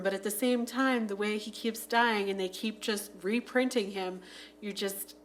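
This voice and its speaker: A woman on a podcast chatting casually about a film, full of "like" fillers and acting out scenes in quick voices. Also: mid-range voice, steady tone, a little hiss or hum. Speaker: podcast panelist. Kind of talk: casual movie review chat.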